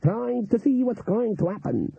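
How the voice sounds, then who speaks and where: A knowing old voodoo woman, played by a man, drawls her words slowly in a rolling growl. Her voice sits high yet husky. The sound is tinny and dry, like a phone line. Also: sing-song, mellow, dry recording, full character voice. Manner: slow drawling speech with folksy grammar. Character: older female voodoo cook, slow and knowing.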